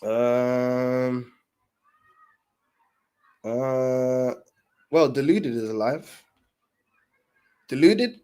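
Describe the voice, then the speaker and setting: A man's voice: mid-range voice, brisk, a little mellow. Laid-back young man streaming. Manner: laid-back slang-heavy talk with many fillers. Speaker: livestream host. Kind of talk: casual livestream chat.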